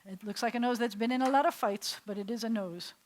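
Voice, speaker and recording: A woman's voice: a little high, fast. A woman, a rabbi teaching a small class in a classroom, chatty and step by step, often putting questions to her students. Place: classroom with a small group seated.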